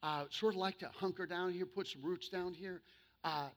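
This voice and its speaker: A man's voice: high voice, fairly even intonation, fairly bright tone. A preacher voicing a hesitant Israelite man who fumbles his words with "uh" and "you know" as he addresses Moses. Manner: halting, full of "uh" and "you know".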